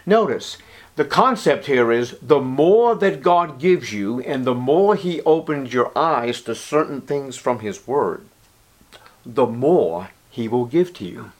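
Guy preaching a sermon, punchy and dramatic, goes quiet and whispery sometimes. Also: mid-range voice, animated, slow. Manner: emphatic, drops to a whisper for quoted lines.

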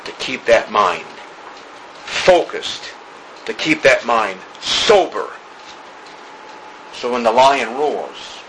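A male pastor with a mid-range voice preaches a sermon in church during a service, emphatic and repetitive, repeating phrases and drawing out key words. There is background noise.

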